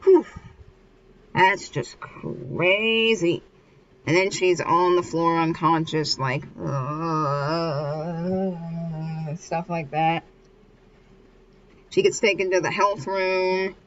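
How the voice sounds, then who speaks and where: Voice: mid-range voice, steady tone, measured pace. A vlogger casually retelling a comic chapter, rambling loosely with lots of filler and restarts. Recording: muffled with faint hiss.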